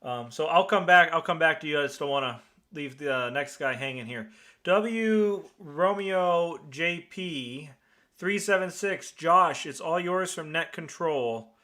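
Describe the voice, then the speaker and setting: Bright-voiced upstate New York net host. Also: male voice, a little high, unhurried. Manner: chatty and rambling, many fillers and restarts. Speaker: net control host of a radio net. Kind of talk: casual on-air radio net hosting.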